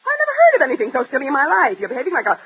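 A woman's voice: high voice, wildly swooping pitch, very fast, noisy background. A woman playing a nagging middle-aged mother who scolds her grown daughter, in a 1940s radio drama. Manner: nagging, relentless. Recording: dull lo-fi old radio recording.

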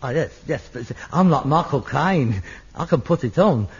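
A man acting in a sitcom scene, bickering and exasperated, quick to snap. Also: mid-range voice, expressive, slightly rough. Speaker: amateur actor in a sitcom scene. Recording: dull lo-fi old TV sound.

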